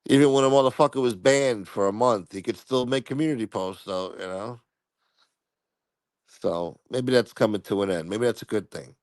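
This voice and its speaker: A man's voice: fairly low pitch, moderate pace, a little mellow, smooth, no room sound. A man hosting a casual live stream, answering viewer comments in a profane, rambling, blunt way.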